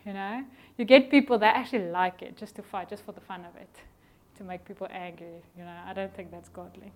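A middle-aged woman preaching a conversational sermon in a church, animated and chatty, acting out little scenes and sometimes dropping her voice to a near whisper. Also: mid-range voice, quick pace. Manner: animated, conversational, acts out voices in quotes, drops to a whisper at times.

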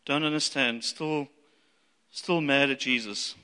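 A man preaching a sermon as a pastor, animated and acting out the voices he quotes. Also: medium pitch, slow pace, smooth. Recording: long reverb of a large hall.

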